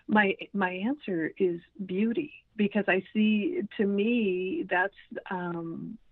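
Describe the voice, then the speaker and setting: A woman's voice: medium pitch, drawn-out words, long pauses, dry recording. A woman in her sixties, a podcast guest talking casually and hesitantly, with many ums and restarts. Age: 60s. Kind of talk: casual interview conversation. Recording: tinny phone line.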